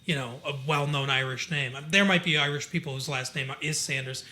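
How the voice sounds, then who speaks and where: A man with a fairly high, bright voice chatting loosely as a podcast co-host. He rambles with lots of fillers and slips into the characters' lines as he retells scenes. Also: a little fast. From Michigan. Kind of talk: casual chat about a TV show.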